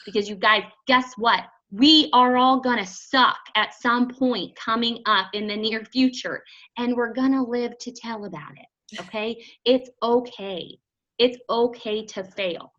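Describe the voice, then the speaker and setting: Bright-voiced energetic woman coach. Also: a little slow, muffled recording. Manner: energetic, chatty, acts out quotes in a higher voice. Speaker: fitness business coach. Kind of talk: motivational coaching talk.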